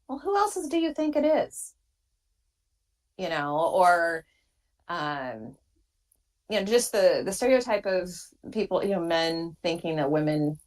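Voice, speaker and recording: A woman's voice: low-pitched, poor audio. A woman rider being interviewed, speaking casually and hesitantly with many fillers. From Washington State. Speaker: interview guest, motorcycle rider.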